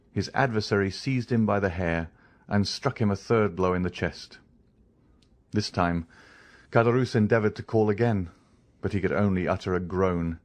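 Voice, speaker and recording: A man narrating a classic novel as an audiobook in even, measured storytelling. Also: deep voice.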